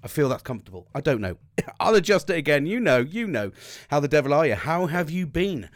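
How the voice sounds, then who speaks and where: Middle-aged man, podcast host, slightly high voice, rambling, sweary, self-mocking, close dry microphone. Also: sing-song, brisk, no room sound, soft background music. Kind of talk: casual solo podcast monologue.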